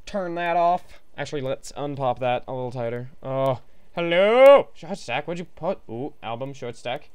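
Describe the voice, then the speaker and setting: A streamer giving casual live commentary while playing, goofy and rambling, greeting viewers and breaking into sudden excited shouts. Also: mid-range voice, normal speed, hardly any pauses, clean tone. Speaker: game streamer.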